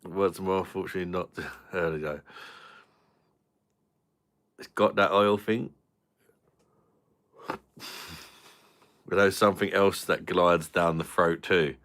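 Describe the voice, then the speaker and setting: A man's voice: deep voice, steady tone, slow pace, long pauses, fairly bright tone. A man chatting crudely with viewers on a beer review livestream, swearing and laughing often. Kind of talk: casual livestream chat.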